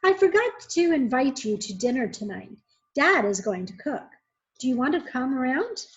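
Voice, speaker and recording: Figure: an excited young boy who shouts high and loud when upset, put on by a woman reading to her class. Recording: muffled and lo-fi. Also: moderate pace. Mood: eager.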